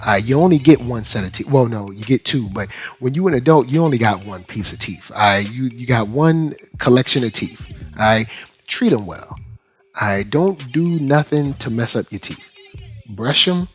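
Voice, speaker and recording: A man hosting an anime review show in casual, slangy commentary, animated and laughing often. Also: medium pitch, normal speed, soft background music.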